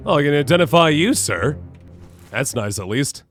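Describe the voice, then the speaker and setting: A man's voice: fairly high pitch, lively intonation, moderate pace, a bit bright, faint music behind. A man streaming a video game, puzzling things out aloud and musing to himself as he plays. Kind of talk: live gameplay commentary.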